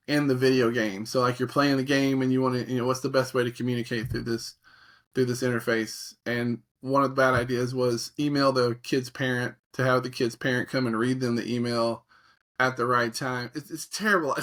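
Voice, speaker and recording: Animated man explaining creativity techniques. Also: mid-range voice. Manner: animated storyteller, acts out quoted reactions. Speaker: guest, creativity facilitator. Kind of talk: conversational interview.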